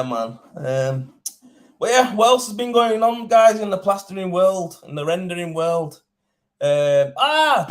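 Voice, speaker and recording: A young man, a plasterer, chatting casually and indignantly on a livestream, swearing and rambling. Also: mid-range voice. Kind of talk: casual live-stream chat.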